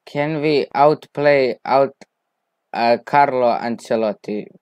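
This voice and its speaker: Playing a football management game, a male gaming video creator drawls along slowly and erupts into excited shouts of player names at big chances. The lo-fi recording keeps his clean, medium-pitched voice dry and close to the mic, free of room sound.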